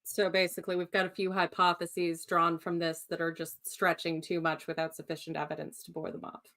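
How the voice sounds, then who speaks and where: A woman's voice: lowish voice, little pitch movement, a little fast, vocal fry, fairly bright tone. A woman in a casual discussion, thoughtfully summing up points and reflecting on them. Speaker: co-host in discussion.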